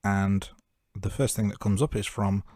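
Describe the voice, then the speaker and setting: A man's voice: lowish voice, fairly even intonation, normal speed, a little mellow, dry recording, studio quality. A man co-hosting a film review podcast, chatting casually and raising wry, jokey questions about the plot. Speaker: podcast co-host. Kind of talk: casual movie review chat.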